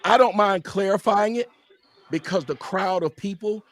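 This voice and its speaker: A man with a high-pitched voice argues his case on a live-stream panel. He is emphatic and combative and keeps pressing his point, sometimes rising to a shout. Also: moderate pace. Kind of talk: heated live-stream debate.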